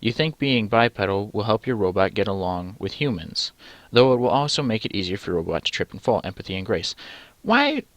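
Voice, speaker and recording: A man's voice: lowish voice, quick pace, no room sound. A man reading a text adventure game aloud and adding dry, sarcastic asides. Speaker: let's play gamer.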